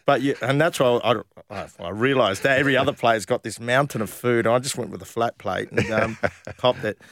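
A man's voice: medium pitch, fairly quick, no echo, clean studio sound. An Australian man in his fifties, a former footballer, telling casual stories in an interview with lots of fillers and restarts. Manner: animated anecdotes with many fillers and restarts. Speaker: guest, former professional footballer.

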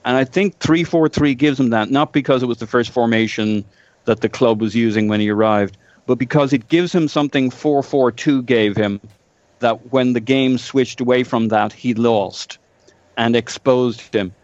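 A man giving a measured, analytical take on football tactics in a casual chat. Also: medium pitch, a little mellow, no echo, dull audio.

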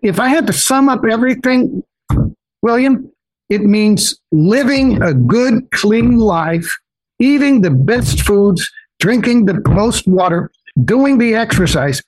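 A man's voice: sits high, animated, measured pace, no echo, low-quality recording. An older man, a guest on an interview podcast, talking earnestly and full of quoted wisdom. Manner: earnest, wise-sounding, fond of quoting sayings. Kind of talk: casual interview conversation.

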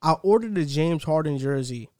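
A man's voice: fairly high pitch, expressive, moderate pace, no echo, clean studio sound. A young man hosting a casual sports podcast, chatty and upbeat, rambling a little as he talks. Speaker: podcast host.

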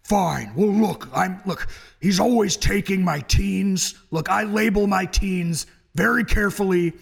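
A man's voice: high-pitched, measured pace, creaky, breathy edge, full character voice. A man playing Freddy Krueger as a whiny, complaining roommate in an improvised courtroom sketch. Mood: aggrieved. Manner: grumbling, exasperated complaining.

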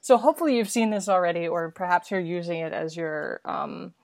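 A woman co-hosting a podcast in casual chat, playful and chiming in with jokes and quick asides. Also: on the low side, crowd noise. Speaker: podcast co-host.

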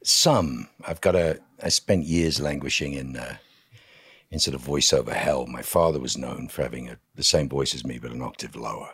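A man with a very deep, husky voice talks as a podcast guest. He tells candid stories with a wry edge. The sound is dry and close. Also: normal speed, fairly bright tone, dry recording. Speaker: guest actor. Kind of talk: casual interview chat. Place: podcast studio.

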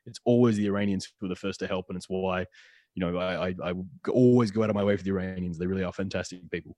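A man, a podcast guest talking in a quick, chatty way and often restarting his phrases. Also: sits low, fairly even intonation, mellow, dry recording, studio quality. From Australia. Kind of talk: casual podcast chat.

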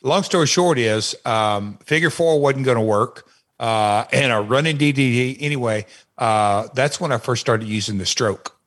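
A man co-hosting a podcast, telling old stories in a rambling, halting way with many fillers and restarts. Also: medium pitch, fairly bright tone. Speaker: podcast co-host, former wrestler. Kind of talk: casual storytelling chat.

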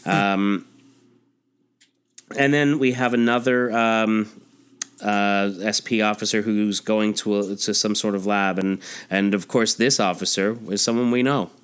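A man's voice: fairly low pitch, fairly even intonation, measured pace, fairly bright tone, clean tone. A man hosting a podcast, chatting casually about comics, with fillers and restarts between panel readings. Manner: reads comic dialogue aloud in voices, chatty with fillers. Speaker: podcast host. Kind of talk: casual comic book discussion.

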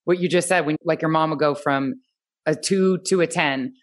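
Woman podcast host, lower voice, easygoing and conversational. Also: moderate pace.

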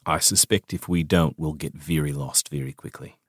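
A man's voice: rumbling low, moderate pace, slightly rough, dry recording. A man playing in a tabletop game with a dry, wry manner. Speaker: player. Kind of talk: tabletop role-play.

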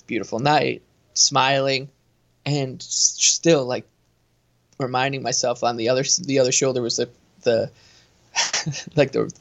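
A man co-hosting a casual sports chat, telling his story in a rambling, self-interrupting way. His voice sits at a middle pitch, and the recording sounds muffled and lo-fi. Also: fairly even intonation, measured pace, vocal fry, pauses often. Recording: dull lo-fi sound.

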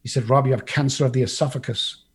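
Husky-voiced English man telling a story. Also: mid-range voice, fairly even intonation, quick pace. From England. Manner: blunt, swears freely, acts out other people's lines. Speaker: guest telling his life story. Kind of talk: casual storytelling.

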